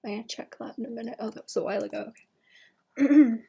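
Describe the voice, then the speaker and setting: A woman's voice: a little high, quick pace, creaky, dark tone, slightly rough. A young woman streaming her sketching, chatting casually and thinking aloud with frequent giggles. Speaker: artist streaming while sketching. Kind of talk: casual livestream chat.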